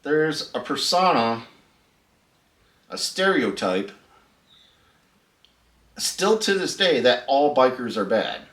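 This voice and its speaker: A man's voice: mid-range voice, sing-song, slow, long pauses, fairly bright tone, recorded from a distance. A middle-aged man, hosting a casual storytelling vlog in a laid-back, chatty way and laughing at his own story. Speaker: host. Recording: echoey room, voice a bit off-mic.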